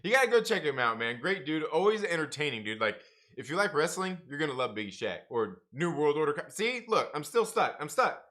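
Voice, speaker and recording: A man's voice: fairly high pitch, very animated, brisk, sharp tone. A man hosting a comics livestream, chatting casually with viewers, laughing often and calling people man and bro. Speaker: comics review livestream host.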